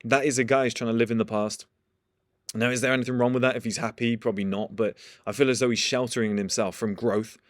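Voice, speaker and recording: A man's voice: mid-range voice, steady tone, quick pace, no echo. Young guy, blunt and profane motivational talker, dry close mic. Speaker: motivational speaker. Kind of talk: casual motivational monologue.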